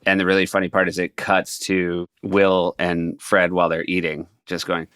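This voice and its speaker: Brief: male podcast host, low voice, dry close mic, casual recapping. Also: completely flat delivery, moderate pace, fairly bright tone, smooth, dry recording. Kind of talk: casual chat.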